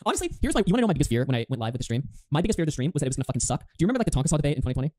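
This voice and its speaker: Man, very fast, lively pitch, dry close sound, sweary stream host. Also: no echo. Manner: loud, sweary, laughing often. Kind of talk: casual livestream chat.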